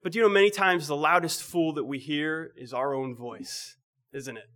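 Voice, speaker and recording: A man delivers a sermon in an easy, talky manner, his voice sitting a little high for a man. He repeats himself, poses rhetorical questions, and softens his voice when he stresses a point. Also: normal speed. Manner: conversational, rhetorical questions, frequent restarts; drops to a soft, low voice on key points. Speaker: preacher.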